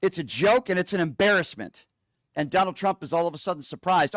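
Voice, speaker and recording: A man's voice: high voice, animated, brisk, fairly bright tone, dry recording, studio quality. Male talk show host, angry mocking rant. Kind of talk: opinionated political commentary.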